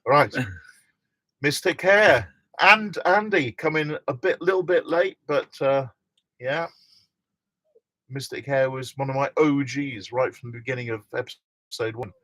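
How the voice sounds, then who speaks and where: A man's voice: mid-range voice, unhurried, a bit bright, no room sound. A middle-aged man hosting a casual live stream from inside a motorhome, chatting and reading out viewer comments with frequent laughs.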